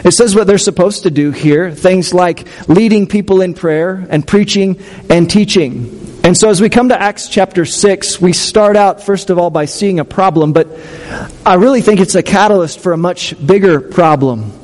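A man's voice: high-pitched, moderate pace, darkish tone, in a large hall. A man preaching a sermon as pastor, talking in a conversational way with restarts and questions to the congregation.

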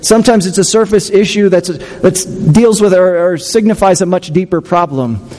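A man with a notably high voice delivers a sermon, chatty and conversational, often restarting phrases and asking his congregation questions. His words ring out with the long reverb of a church hall. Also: normal speed, dark tone. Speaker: pastor.

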